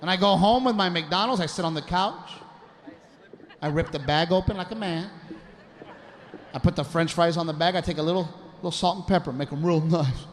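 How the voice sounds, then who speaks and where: A man doing stand-up with an exasperated, animated delivery about his wife. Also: on the high side, a little fast, slight background noise. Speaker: stand-up comedian. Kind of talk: stand-up storytelling.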